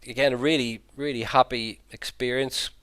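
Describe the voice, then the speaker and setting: A man's voice: mid-range voice, fairly even intonation, moderate pace, fairly bright tone, smooth. Earnest Irish man telling his story. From Ireland. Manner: earnest, reflective, repeats words as he goes. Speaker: Jesuit priest and pilgrim guide giving a talk. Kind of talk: personal storytelling talk over slides. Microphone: video call.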